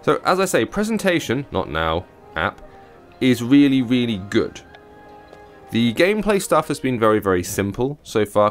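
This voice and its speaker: Brief: male games reviewer, wry and chatty while playing, lowish voice, faint music behind. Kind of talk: casual gameplay commentary.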